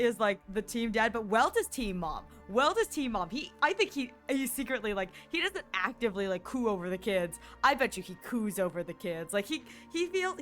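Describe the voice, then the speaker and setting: While playing a game, a woman streamer chats casually, rambling, giggling, and using plenty of fillers. Her voice sits on the high side and sounds a bit bright.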